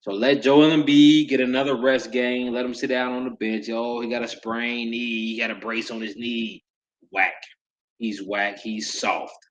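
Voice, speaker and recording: A man hosting a nightly sports talk podcast, ranting loudly with repeated lines and sudden shouts. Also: medium pitch, little pitch movement, a little slow, highs cut off. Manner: loud, repetitive hype with sudden shouts.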